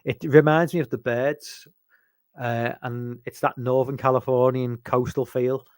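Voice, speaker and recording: A man's voice: medium pitch, little pitch movement, measured pace, darkish tone, no echo. A man from England chatting casually about horror films, rambling and hesitant, with lots of ums and restarts. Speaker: podcast host.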